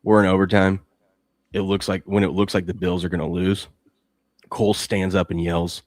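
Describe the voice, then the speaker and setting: A man hosting a sports betting show, chatting casually and telling animated stories. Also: sits low, no echo, studio quality. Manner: animated storytelling, reads ad copy quickly.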